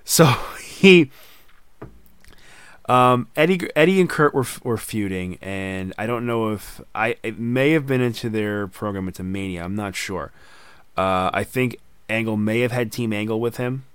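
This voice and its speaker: A man's voice: fairly low pitch, a little slow, a bit bright, clean tone, no echo. A man hosting a casual podcast chat, telling stories animatedly and acting out quoted voices. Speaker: podcast host.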